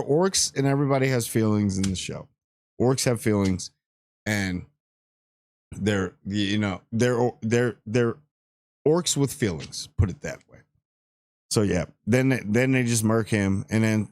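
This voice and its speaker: Man, low voice, rambling slangy spoiler review, casual, dry close sound. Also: darkish tone, no room sound. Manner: rambling and slangy, with playful asides. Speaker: TV review channel host.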